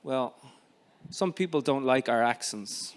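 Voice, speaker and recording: A man voicing a terse, protective Irish father who speaks low and quietly in short clipped phrases. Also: expressive, a little slow, lightly acted. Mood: hushing.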